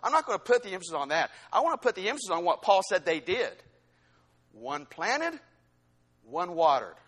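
A male pastor preaching a sermon, swinging between loud exhortation and quieter teaching asides. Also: high-pitched, very animated, brisk, slightly rough.

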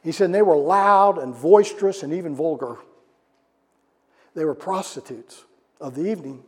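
A man preaching a sermon to a congregation in a church, animated and asking them questions. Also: on the high side, normal speed, slightly rough. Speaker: pastor. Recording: long hall reverb.

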